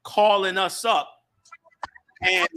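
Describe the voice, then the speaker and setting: A man hosting a show and talking in a fiery, preachy way, swinging from loud, shouted points to low asides. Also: steady tone, slow pace, clear, resonant tone. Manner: preachy and impassioned, rising to shouts, then dropping low. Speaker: show host and group leader. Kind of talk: fiery casual talk.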